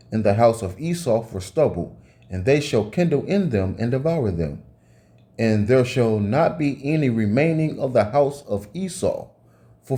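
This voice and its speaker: A man's voice: on the low side, warm tone. A man giving an informal sermon, reading scripture aloud and ranting between passages, swearing often and ending phrases with "man". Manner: profane, tags phrases with "man", rereads and corrects himself. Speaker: preacher.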